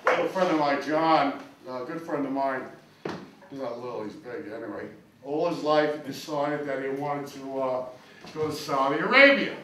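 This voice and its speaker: A man's voice: medium pitch, normal speed, bright, forceful tone, slight background noise. A man doing crude, punchy stand-up comedy on a club stage. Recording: echoey club from far off. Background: audience laughing.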